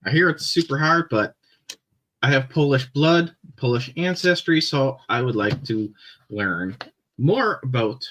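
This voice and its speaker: A young Canadian man with a Canadian accent chatting casually on a live stream, rambling with many fillers and pauses. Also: medium pitch, expressive, a bit bright, low-quality recording.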